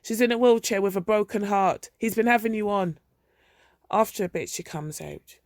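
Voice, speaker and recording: A woman reading a dramatic monologue as a resentful middle-aged son, narrating in a wry, deadpan way. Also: medium pitch, normal speed, no echo, clean studio sound, close to an everyday voice.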